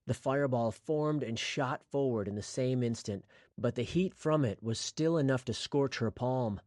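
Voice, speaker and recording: Guy narrating a fantasy audiobook, mid-pitched, steady, super dry close mic. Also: moderate pace, no room sound.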